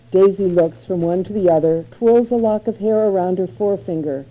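A woman narrating a literary short story in a measured, unhurried reading. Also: mid-range voice, muffled recording.

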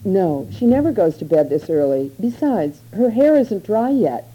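A woman's voice: medium pitch, very animated, moderate pace, slightly rough, dull audio. A woman reading the lines of a defensive young wife and mother in a literary story, answering in short, guarded replies.

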